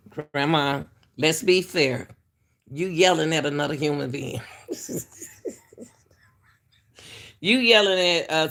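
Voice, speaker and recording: A woman's voice: lowish voice, creaky, fairly bright tone. A woman hosting an online commentary show, talking straight to her viewers in a chatty way and chuckling between points. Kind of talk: casual commentary.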